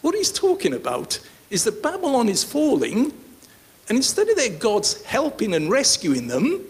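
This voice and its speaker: A man pastor teaching a sermon, animated and joking with his congregation. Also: very high-pitched, moderate pace, husky. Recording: faint hiss.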